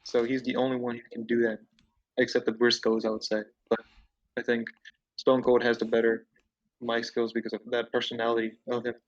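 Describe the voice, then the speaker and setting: A man's voice: medium pitch, monotone, fairly quick, distant mic, muffled recording. A man in a casual podcast debate, arguing insistently and rambling through his points. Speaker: co-host debating wrestlers.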